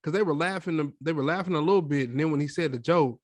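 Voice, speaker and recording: A young man co-hosts a relaxed podcast and tells his story with lively, acted-out quotes. His voice sits a little high, and the sound is dry and close, with no room echo. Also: quick pace. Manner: animated storytelling, acts out quotes. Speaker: podcast co-host. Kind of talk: casual chat.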